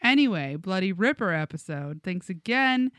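A woman's voice: medium pitch, expressive, moderate pace, fairly bright tone, dry recording. A woman co-hosting a music podcast, reading listener comments aloud with frequent giggles. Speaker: podcast co-host.

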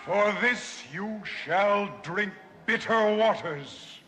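An actor playing a stern male prophet who pronounces judgment on idolaters in slow, thundering proclamations, from an old film clip. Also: high-pitched, sharp tone, full character voice. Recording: film clip with long hall reverb and faint noise.

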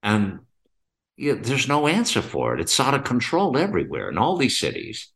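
A man's voice: medium pitch, huge pitch swings, moderate pace, vocal fry, fairly bright tone. A middle-aged man hosting a commentary monologue, rambling and repeating himself with many rhetorical questions and fillers. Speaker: podcast host.

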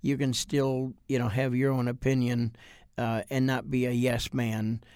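A man with a Midwestern American accent, a pastor co-hosting a podcast, speaking gently and affirming his co-host. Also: medium pitch, level tone, unhurried, smooth, dry recording, clean studio sound. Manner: gentle, affirming, says "amen". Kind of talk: casual podcast talk.

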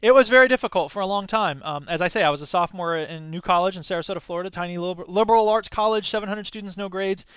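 An American man in his thirties telling a story in a talk, animated, acting out quoted voices, with many fillers and restarts. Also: high-pitched, quick pace, hardly any pauses, clear, resonant tone, dry recording. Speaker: speaker giving a talk. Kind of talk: storytelling lecture.

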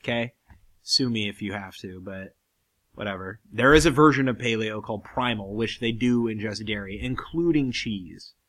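Bright-voiced young man swearing casually. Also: fairly low pitch, normal speed. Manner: profane, laughs often, rambling. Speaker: podcast co-host. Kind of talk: casual crude banter.

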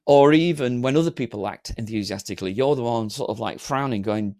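A man preaching a sermon to an online congregation, animated and humorous, slipping into flat mock-bored voices. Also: mid-range voice, fairly quick, vocal fry, few pauses. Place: streamed church service.

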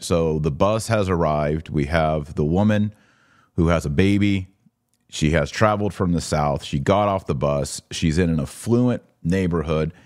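A middle-aged man hosts a podcast, talking through images in a casual, wry way and slipping into little put-on voices for the people he describes. His voice sits very low, and the recording is dry and close with no room around it. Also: darkish tone, dry recording. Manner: wry, sarcastic, acts out quoted figures. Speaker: podcast host.

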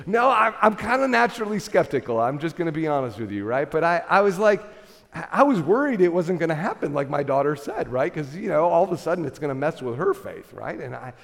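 Pastor guy telling a story, lively and self-mocking, kinda high voice, big church echo. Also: brisk, vocal fry. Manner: animated, self-deprecating storyteller with many restarts. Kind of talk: sermon storytelling. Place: large church hall. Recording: reverberant church hall.

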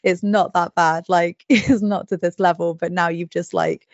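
A woman's voice: lowish voice, fairly even intonation, moderate pace, no echo. A woman co-hosting a podcast, chatting casually and self-deprecatingly, laughing often. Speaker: podcast co-host. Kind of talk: casual chat. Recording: dull dry podcast recording.

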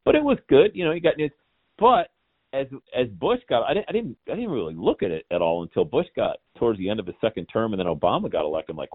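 A man in his forties, a podcast guest, ranting in an animated, scornful way in casual chat. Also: on the low side, fast talker, no room sound. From Cincinnati area, Ohio. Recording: tinny phone-like line.

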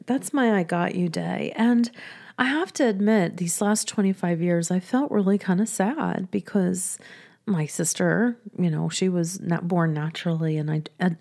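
A woman telling a personal story in a chatty, soft-spoken way, often laughing between sentences. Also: on the low side, vocal fry. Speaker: business coach and podcast host.

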